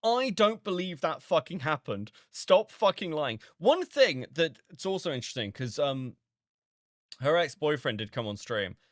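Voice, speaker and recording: Male commentary host, sarcastic and disbelieving, animated swooping delivery, dry close mic. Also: on the high side, measured pace, dry recording. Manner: sarcastic, incredulous, swearing a lot. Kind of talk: reaction commentary.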